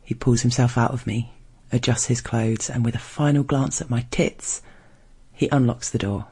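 Man, erotic story reading, husky, breathy, monotone, measured. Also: medium pitch.

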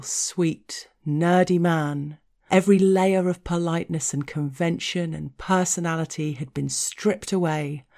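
A woman narrating an explicit erotic story in a frank, unhurried way, sometimes dropping into a whisper. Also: deep voice, creaky, a little mellow.

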